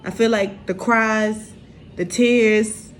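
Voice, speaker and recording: Young woman, slow, halting, emotional, faint room noise. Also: mid-range voice, steady tone. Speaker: vlogger. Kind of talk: personal confessional vlog.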